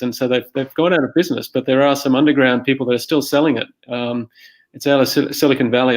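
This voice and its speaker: Man, podcast host, middle pitch, relaxed, casual chat, lots of fillers. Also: low-quality recording. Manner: relaxed, many fillers such as "um" and "uh".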